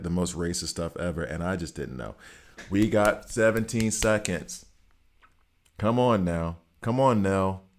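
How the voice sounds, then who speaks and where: Deep-voiced man chatting on a game stream. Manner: chatty, teasing chat readers, talks to viewers while playing. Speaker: gaming streamer. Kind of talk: casual live-stream chat.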